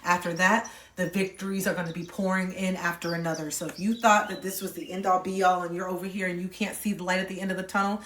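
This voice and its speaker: A woman's voice: on the low side, little pitch movement, fast, hardly any pauses, fairly bright tone, far from the mic. A woman reading tarot for a live audience in a reassuring, intimate way. She keeps circling back to her points and checking in with her listeners. Her voice carries some room echo and sits a little back from the mic, with a faint hiss behind it. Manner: intimate, reassuring, repeats phrases, checks in with "okay?". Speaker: tarot reader.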